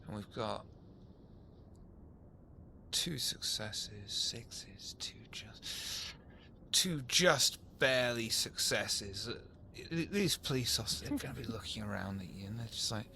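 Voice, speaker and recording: A man narrating a tabletop game as game master, animated and quick to mock himself. His voice is bright and forceful with a lively, wide-ranging pitch, over a faint hiss of noise. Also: creaky. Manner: animated, self-mocking, swears casually.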